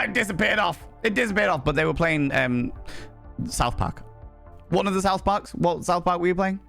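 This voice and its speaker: A man with a flamboyant, grandiose way of talking hosts a live chat stream. His pitch swoops widely and his voice has a gravelly edge, with faint music playing behind him. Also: expressive, moderate pace, a bit bright. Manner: theatrical, camp, grandiose flourishes. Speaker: streamer and cabaret host.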